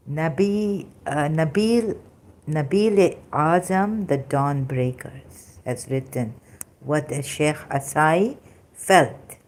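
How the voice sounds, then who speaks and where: Slow, low-voiced woman reading aloud. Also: darkish tone. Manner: slow, halting reading with asides and fillers. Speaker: religious commentary channel host.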